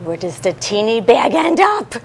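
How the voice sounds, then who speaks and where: A woman leading a classroom lesson for young children, coaxing them through call-and-response in an animated, sing-song way. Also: on the high side, moderate pace, a little hiss or hum. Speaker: early childhood educator.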